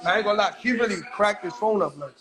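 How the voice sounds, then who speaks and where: A man's voice: sits high, fast talker, music in the background. A man chatting on a casual livestream, rowdy and swearing, often breaking into laughter.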